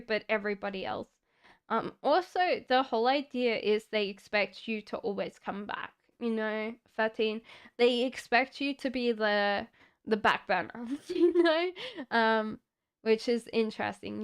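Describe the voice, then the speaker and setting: A woman's voice: a little high, measured pace, clean tone. An Australian woman giving tarot readings on a live stream, chatty with many fillers and frequent laughs. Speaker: tarot reader.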